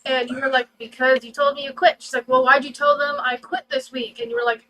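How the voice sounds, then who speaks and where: A woman's voice: high voice, lively intonation, quick pace, bright, forceful tone, slight background noise, rough recording. A woman from Ohio chatting casually on a livestream, chiming in and quoting what other people said. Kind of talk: casual chat.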